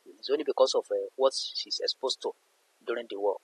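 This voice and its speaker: A man's voice: mid-range voice, brisk, breathy edge, low-quality recording. A man teaching a literature lesson in an emphatic way, repeating points for his students. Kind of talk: explanatory lesson narration.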